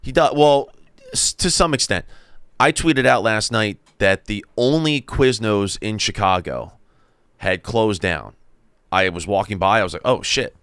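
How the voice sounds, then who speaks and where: A man's voice: on the low side, unhurried, a bit bright, smooth, dry recording, clean studio sound. A man in casual sports-podcast banter, rambling, laughing often and restarting his sentences. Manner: rambling, laughs often, talks while chewing.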